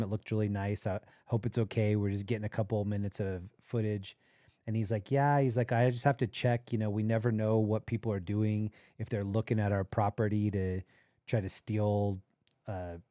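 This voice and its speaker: A man's voice: fairly low pitch, dark tone, no echo, clean studio sound. A man hosting a livestream, telling a long anecdote in casual chat and quoting the people in it. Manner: rambling anecdotal, quotes people in his story. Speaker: livestream host. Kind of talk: casual storytelling.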